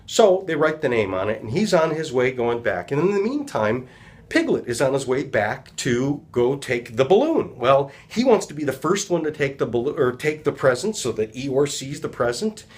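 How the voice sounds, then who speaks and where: A man's voice: medium pitch, very animated, normal speed. Man retelling a storybook tale as a life lesson, rambling and reflective, voice rises and falls a lot. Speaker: healing practitioner and speaker. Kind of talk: casual storytelling talk.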